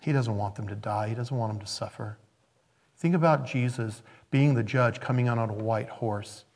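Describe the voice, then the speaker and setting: A male pastor with a gravelly, fry-laced voice at a middle pitch, delivering a sermon. He preaches conversationally, pushing up into loud emphatic bursts and then dropping to hushed, near-whispered asides. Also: moderate pace.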